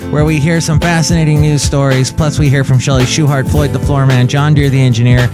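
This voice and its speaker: A man's voice: medium pitch, flat delivery, brisk. Middle-aged male podcast host, rambling, music underneath. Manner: rambling, jokey, many fillers. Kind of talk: comic podcast chat.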